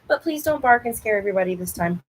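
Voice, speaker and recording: A woman hosts a casual online show from a room at home, speaking into a laptop mic; she's playful, laughs often and swears freely. Her voice is on the high side, animated, fast and slightly rough. The audio is poor.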